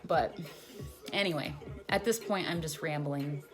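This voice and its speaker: A woman's voice: low-pitched, unhurried. A young woman in her twenties telling a long, rambling personal story in a casual vlog, full of "like" fillers. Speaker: vlogger. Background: music.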